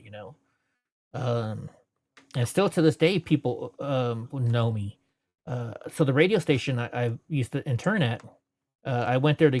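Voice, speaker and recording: A man's voice: medium pitch, a little mellow. A man as an interview guest, telling stories from his life in a rambling, casual way, filling his talk with "you know".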